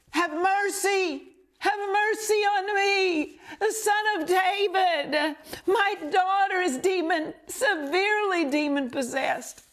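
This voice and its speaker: A woman preacher voicing a desperate mother who cries out for mercy again and again in a high, drawn-out wail. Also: a bit bright, full character voice. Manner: wailing, repeating pleas, slow and high. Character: desperate pleading mother crying for help.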